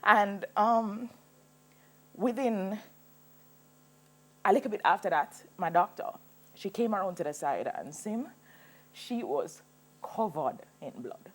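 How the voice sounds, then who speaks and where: A woman in her thirties, a singer telling her own story as a TV guest, animated and laughing as she goes. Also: mid-range voice, takes it slowly, long pauses. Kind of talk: personal storytelling in a TV interview.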